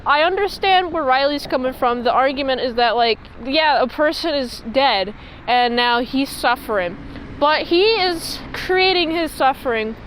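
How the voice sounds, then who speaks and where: A woman's voice: high-pitched, expressive, unhurried, a bit bright, slight background noise, poor audio. A woman giving a casual, rambling episode recap, full of fillers and loose asides. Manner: rambling, filler-heavy chat. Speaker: show reviewer.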